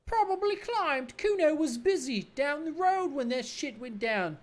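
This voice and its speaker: A woman's voice: sits high, animated, measured pace, voice pushed up. A woman voicing a crude, cocky twelve-year-old boy who talks about himself in third person. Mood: sneering swagger.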